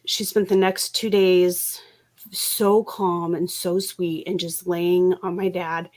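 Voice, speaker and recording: Speaking slowly in a fairly low, slightly mellow voice with a level tone, a middle-aged woman hosts a casual craft livestream. Her storytelling is chatty, sprinkled with laughs and frequent restarts.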